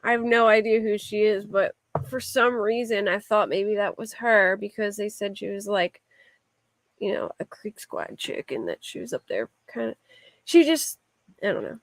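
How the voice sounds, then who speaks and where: A woman's voice: medium pitch, lively intonation, moderate pace, no echo. A woman with a Philadelphia accent, streaming live and chatting loosely with viewers, using lots of filler words. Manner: rambling, with frequent "like" fillers. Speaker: livestreamer. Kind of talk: casual chat answering a live chat.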